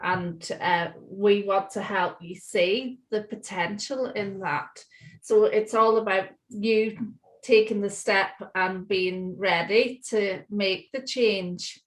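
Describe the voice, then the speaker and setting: Woman co-hosting a video call workshop, talks slow, upbeat, laughs a lot. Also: medium pitch, fairly even intonation, poor audio. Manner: upbeat, laughs easily, practical. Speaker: workshop co-facilitator. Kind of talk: online workshop talk.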